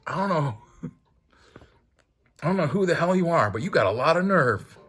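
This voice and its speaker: A man doing a gruff, defiant comic-book tough guy. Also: a little high, lively intonation, normal speed, fairly bright tone, pitched above the performer's own voice. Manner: gruff, challenging. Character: tough loyal young man defending his partner. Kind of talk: comic book read-aloud.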